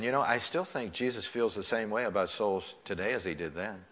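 A male pastor preaching an impassioned sermon in a church, swinging between loud pleading and hushed, soft tones. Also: on the low side, fairly quick. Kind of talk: sermon with altar call. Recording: long church reverb.

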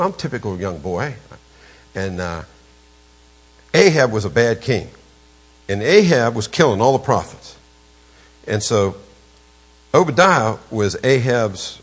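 An older pastor delivers a storytelling sermon in a husky voice. He's emphatic, jumping suddenly in pitch and volume.

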